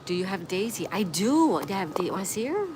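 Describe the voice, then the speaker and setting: In a brisk, mid-range voice, a woman runs a casual livestream chat, reading out what viewers comment and responding to them. The recording carries steady background noise and the sound of passing traffic.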